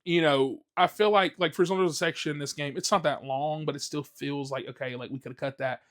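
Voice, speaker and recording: A man's voice: a little high, fairly even intonation, quick pace, fairly bright tone. A man hosting his own podcast, talking casually in a blunt, profane, ranting way with lots of fillers. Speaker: podcast host. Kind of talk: casual solo podcast rant.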